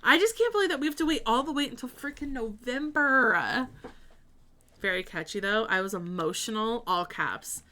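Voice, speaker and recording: A woman's voice: fairly high pitch, expressive, moderate pace, bright, forceful tone, a little hiss or hum. A woman streamer chatting casually while building in a game, thinking aloud and answering her chat.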